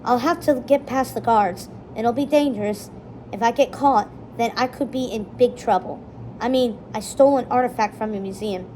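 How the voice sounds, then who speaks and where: A woman's voice: a little high, normal speed, darkish tone, a little hiss or hum, close to an everyday voice, rough recording. A woman reading the lines of a worried but determined boy in a storybook.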